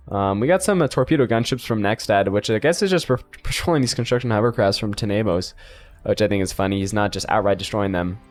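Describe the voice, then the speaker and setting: A man's voice: on the low side, fast, faint music behind. Chuckling young man casting a game. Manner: rambling, chuckling, self-amused. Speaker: game caster. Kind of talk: casual game commentary.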